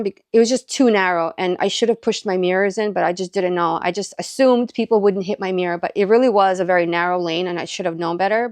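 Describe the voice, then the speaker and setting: A woman's voice: medium pitch, clear, resonant tone, no echo. Chatty woman telling a story, dry sound. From Southern California. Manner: chatty, animated retelling with many likes and quoted dialogue. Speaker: faith and encouragement vlogger. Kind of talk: casual storytelling.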